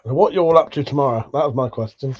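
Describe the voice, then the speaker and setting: A man's voice: mid-range voice, fast talker, a little mellow, muffled recording. A British man hosting a casual livestream, chatting and reading out viewer comments in a laid-back, swearing, chuckling way. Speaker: livestream host.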